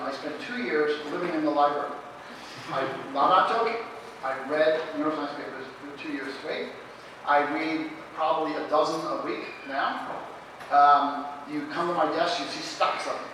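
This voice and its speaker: A man's voice: on the high side, bright, forceful tone. A middle-aged man answering audience questions in a live Q&A, talking animatedly and restarting his sentences often. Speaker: guest speaker in a Q&A. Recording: echoey hall from a distant mic, faint background noise.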